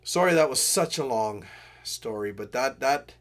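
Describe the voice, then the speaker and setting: A man's voice: mid-range voice, animated, a little slow. A man hosting a live stream, telling a story in a casual, earnest way with digressions and apologetic asides. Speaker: livestream host.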